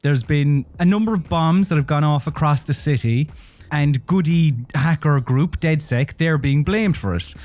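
A man's voice: on the high side, moderate pace, a little mellow. A man reviewing a game in casual chat, with dry, wry humour. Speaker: games reviewer. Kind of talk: casual chat about games.

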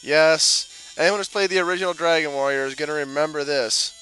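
A man's voice: on the high side, brisk, sharp tone, soft background music, poor audio. A man doing casual gameplay commentary, cracking jokes, swearing and talking back to the game characters. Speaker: let's play commentator.

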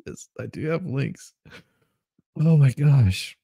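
A man co-hosts a live stream, breaking into laughter constantly as he reads viewer comments. His voice is husky and mellow, and he talks at an unhurried pace. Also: medium pitch, lively intonation, dry recording, studio quality. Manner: laughs constantly, giggly and amused. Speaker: livestream co-host reading chat. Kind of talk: casual live-stream chat.

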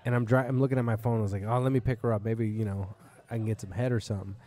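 A man's voice: fairly low pitch, steady tone, very fast, dark tone. A man hosting a podcast in a bar, a comedian telling a long, rambling, profane story in casual chat.

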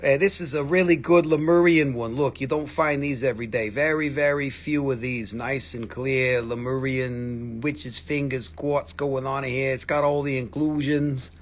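A man hosting a live crystal sale, joking and rambling with viewers, his throat acting up so he keeps clearing it. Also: mid-range voice, fairly even intonation, normal speed, hardly any pauses. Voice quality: gravelly, husky. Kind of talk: casual livestream sales chat. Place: shop studio, indoors.

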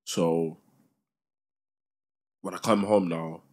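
A young man speaks in a fairly low voice during a podcast chat. He is laid-back and loose, and he tags "innit" onto almost every sentence. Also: steady tone, very slow, a little mellow. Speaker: podcast co-host. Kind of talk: casual chat, storytelling.

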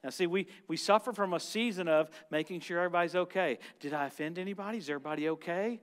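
Animated man preaching a lively sermon. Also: sits high, fast. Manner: animated, swings from loud shouts to quiet asides. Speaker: guest preacher.

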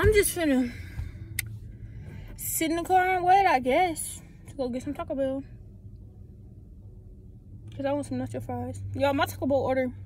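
A high-pitched young woman talks straight into her phone, loose and slangy, calling her viewers y'all. There's a faint hum of outdoor noise behind her voice. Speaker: vlogger. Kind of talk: casual vlog talk to camera. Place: in and around a parked car and stores. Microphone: phone held in hand.

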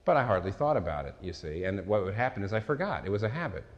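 A man's voice: fairly low pitch, big pitch swings, fast, dull audio. A man preaching a sermon in a conversational, storytelling way, often restarting his sentences. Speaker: pastor. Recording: echoey hall recording.

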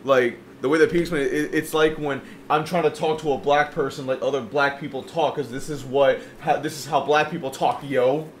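Man, podcast co-host, casual chat, slightly higher voice, faint background hiss. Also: steady tone, brisk, few pauses. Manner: loose, rambling, laughs often.

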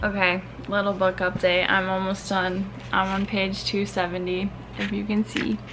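A woman's voice: mid-range voice, completely flat delivery, normal speed, background noise. A young woman vlogger from the American Midwest, talking casually and emotionally about a book she loved, teary-voiced, with frequent sighs and trailing-off restarts. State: teary, crying.

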